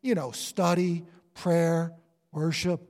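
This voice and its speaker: Male preacher, high voice, lively sermon delivery, long reverb of a hall. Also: takes it slowly. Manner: animated, acts out inner voices of believers.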